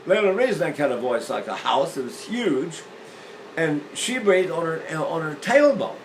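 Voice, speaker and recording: An older man teaching singing, explaining breathing with lively demonstrations, often repeating and restarting phrases. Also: fairly high pitch, moderate pace, a little hiss or hum, low-quality recording. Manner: animated, illustrating points with sung demonstrations. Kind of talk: demonstrative vocal lesson.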